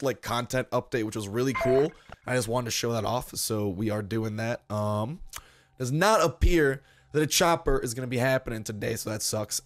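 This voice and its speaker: A hoarse young man hosting a gaming channel, chatting casually and upbeat with sarcastic asides while he plays. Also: medium pitch, fairly bright tone. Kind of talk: casual gameplay commentary.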